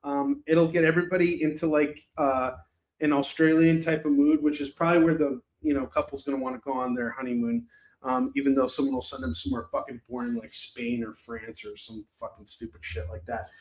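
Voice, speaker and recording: A man's voice: a little high, expressive, brisk. A man rambling and swearing casually while selling comics on a live stream. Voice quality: profane, rambling, joking.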